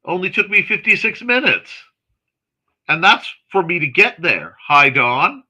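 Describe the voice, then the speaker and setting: Guy hosting a morning stream, reads chat out loud, voice bouncing all over, excitable and snarky. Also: high-pitched. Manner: chatty and excitable, quick asides and snarky jokes. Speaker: host of a morning livestream chat show. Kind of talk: casual livestream chat, reading viewer comments aloud.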